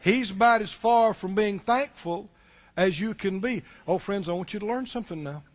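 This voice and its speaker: Male pastor, very high voice, conversational sermon, quizzes the congregation. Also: moderate pace. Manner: conversational preaching, asks the congregation questions; repeats words when restarting.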